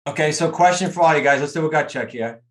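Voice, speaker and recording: A man's voice: fairly high pitch, quick pace. A man coaching a group over a video call, talking emphatically and straight to his students. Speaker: real estate coach.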